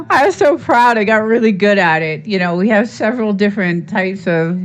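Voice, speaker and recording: A woman's voice: mid-range voice, animated, normal speed. A woman hosting a live stream, chatting casually and rambling as she reads chat, tired after a late day of work. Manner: rambling, reads chat aloud, laughs often. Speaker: livestream host.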